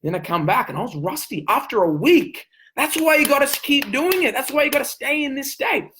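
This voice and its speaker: A man giving a motivational sales coaching talk, intense and emphatic, hammering points home with repeated phrases and sometimes pushing his voice near a yell. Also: extremely high pitch, animated, fairly quick, background noise. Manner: raises voice to near yelling at times.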